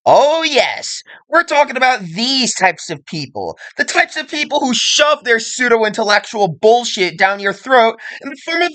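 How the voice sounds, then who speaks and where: A woman's voice: medium pitch, bright, forceful tone, low-quality recording. Profane, sarcastic woman commentator. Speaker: commentary video host. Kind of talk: ranting online commentary.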